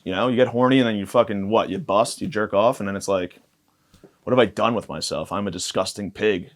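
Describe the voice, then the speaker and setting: A man's voice: mid-range voice, fairly bright tone. A young man hosting a podcast, talking in a crude, rambling, self-mocking comedic monologue. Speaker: podcast host.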